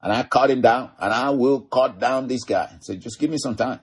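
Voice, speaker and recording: A man's voice: mid-range voice, normal speed, breathy edge. A man preaching who voices the young shepherd David as bold and dismissive of doubters. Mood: confident. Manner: defiant, brushing off doubters.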